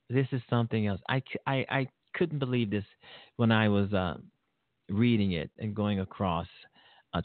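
A man's voice: fairly low pitch, no echo. A man hosting his own show, giving rambling, indignant political commentary with laughter and restarts. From Illinois, USA. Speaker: show host. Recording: dry tinny phone-like sound.

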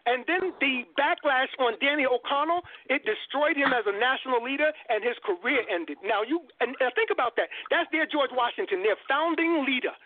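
A man's voice: very high-pitched, animated, a little fast, hardly any pauses. A man, a politics professor, lecturing with passion as a guest on a call-in show, repeating phrases for emphasis and calling listeners brother. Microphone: telephone. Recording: dry tinny phone line.

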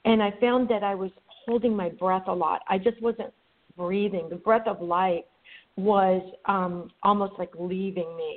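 A woman, a guest author, telling a personal story in a lively way and acting out bits of dialogue. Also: medium pitch, a little slow. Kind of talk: personal storytelling on a phone interview. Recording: phone line.

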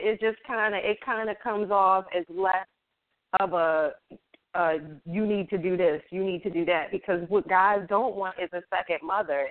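A woman's voice: lowish voice, no echo. Easygoing woman reasoning with many fillers. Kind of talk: casual radio talk show debate. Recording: dry, tinny phone-like sound.

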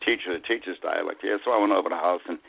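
A man's voice: sits low, rapid-fire, creaky, breathy edge. A man in his eighties with a Boston accent, telling rambling stories as an interview guest. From USA. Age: 80s. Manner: rambling anecdotes, hesitant fillers. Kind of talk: storytelling interview. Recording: phone line.

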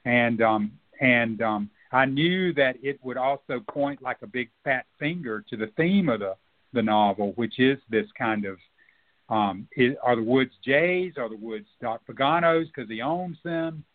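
Guest novelist, male, thoughtful and halting, plenty of ums; narrow phone-quality sound. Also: mid-range voice. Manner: reflective, hesitant with many fillers and restarts. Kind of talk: radio interview conversation.

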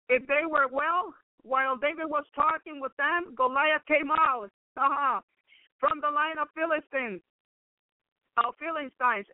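A man's voice: very high voice, no room sound. A man preaching, reading scripture aloud and breaking in with exclamations of praise and laughter. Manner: exclaims praise and laughs between read passages. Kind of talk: sermon reading and commenting on scripture. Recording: tinny phone-line radio broadcast.

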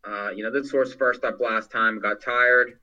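A man's voice: mid-range voice, steady tone, a little slow, pushed and bright, highs cut off. A man on a racing panel giving his picks, hedging a lot with fillers. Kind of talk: casual handicapping talk.

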